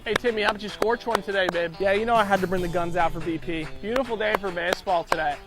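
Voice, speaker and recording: A man playing a loud, bossy baseball dad who heckles from the stands in a comedy sketch, over background music. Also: high-pitched, lightly acted. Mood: heckling. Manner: yelling, bossy, rapid-fire sideline heckling. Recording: background music under the clip.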